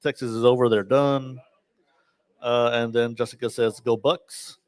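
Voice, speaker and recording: A man on a live talk show reading viewer comments aloud, halting and full of fillers. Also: medium pitch, clear, resonant tone, no echo. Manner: flat, halting read-outs with fillers.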